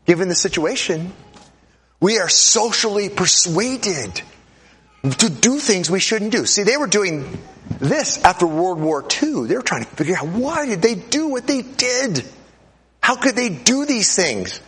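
A man giving a classroom lecture to an audience, animated and urging, repeating himself as he runs a live demonstration and acts out voices. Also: sits high, unhurried.

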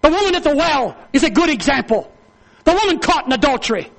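A man preaching a sermon to a congregation, calling for amens, swinging between loud high exhortation and low hushed storytelling. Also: very animated, fast talker. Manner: calls for amens, reads aloud to the congregation.

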